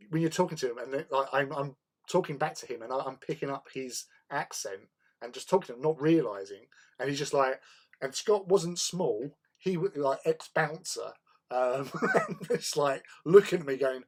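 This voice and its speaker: A man's voice: mid-range voice, moderate pace. A man hosting a hobby livestream, chatting casually with viewers in a rambling way and laughing often.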